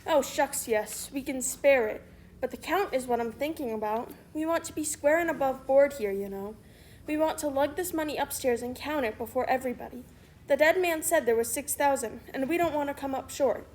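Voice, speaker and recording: Lady reading out a smug old swindler guy, speechifying on and on, high voice, faint hiss behind. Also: a little fast, a little mellow, close to an everyday voice. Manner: long-winded, self-pleased speechifying. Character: pompous older male con man posing as a preacher.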